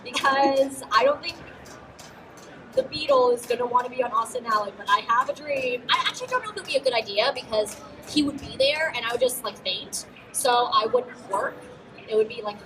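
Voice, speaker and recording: A woman's voice: a little high, animated, brisk, background noise. A teenage actress answering questions on a live stage. She talks in a bubbly, giggly way with lots of fillers. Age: teens. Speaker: guest actress. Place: auto show stage with a crowd. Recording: distant mic with loud music behind. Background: music.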